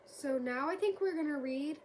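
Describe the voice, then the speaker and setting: Book vlogger, female, high-pitched, chatty and upbeat, casual talk to camera. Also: normal speed, darkish tone, a little hiss or hum. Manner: chatty and upbeat, often laughing. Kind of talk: casual vlog chat to camera. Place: her bedroom at home.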